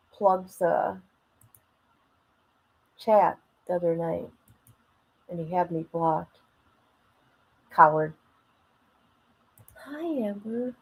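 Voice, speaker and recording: A woman's voice: fairly low pitch, low-quality recording. A woman hosting a casual livestream from home on her phone, rambling and emotional as she talks to her chat. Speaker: livestream host.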